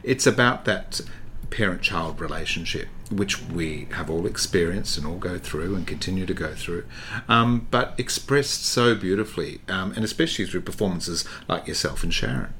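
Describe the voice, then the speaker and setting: A man interviewing a guest, asking questions in a measured, appreciative way. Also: sits low, expressive, pushed and bright, slight background noise.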